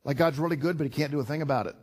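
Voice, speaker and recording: A man's voice: on the high side, very fast, husky. An older man preaching a sermon in an earnest, conversational way. He repeats himself often and builds to emphatic rises. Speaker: pastor.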